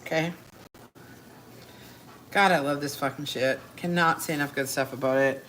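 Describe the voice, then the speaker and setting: With a low voice and a faint hiss or hum in the recording, a woman runs a live cooking stream from her home kitchen. She's brash and jokey, chatting directly to her viewers as she demonstrates.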